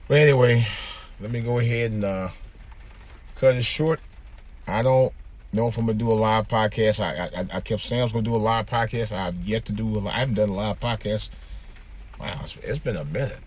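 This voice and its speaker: A deep, slightly husky male voice recorded inside a car as the man drives. He talks in a loose, rambling podcast monologue, circling back on his words and leaning on fillers as he goes. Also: fairly quick, a little mellow. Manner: rambling, repeats himself, many fillers. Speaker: podcast host. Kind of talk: casual monologue. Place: in a car, driving.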